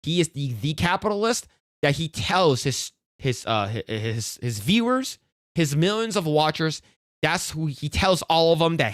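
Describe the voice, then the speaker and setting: A man's voice: fairly high pitch, lively intonation, a little slow, no echo, studio quality. Blunt, profane man ranting on stream. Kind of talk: casual reaction stream commentary.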